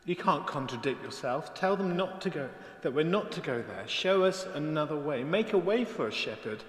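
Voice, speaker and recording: A man's voice: a little high, lively intonation, moderate pace, pitched above the performer's own voice, lightly acted. A man reading a storybook aloud, voicing a frightened young female deer who pleads desperately. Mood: pleading. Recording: echoey church hall.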